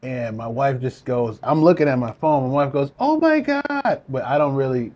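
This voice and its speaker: A man casually telling a story to friends, animated and laughing, acting out what others said. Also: medium pitch, a little fast, highs cut off. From US Midwest. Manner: animated, laughing, swearing, acts out quotes. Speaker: storyteller in a group chat.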